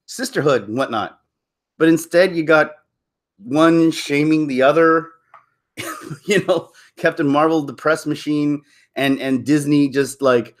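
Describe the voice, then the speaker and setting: A man's voice: a little high, moderate pace. A man hosting a casual live stream, rambling and joking with frequent laughs. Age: middle-aged. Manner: rambling, jokey, laughs often. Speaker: channel host.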